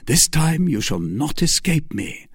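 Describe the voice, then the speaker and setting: An impetuous young swordsman who speaks in quick challenges, as a man reads him aloud in a storybook. His voice is husky and recorded dry and close. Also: fairly high pitch, sing-song, no echo, pitched above the performer's own voice, full character voice. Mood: defiant. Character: fiery young male swordsman.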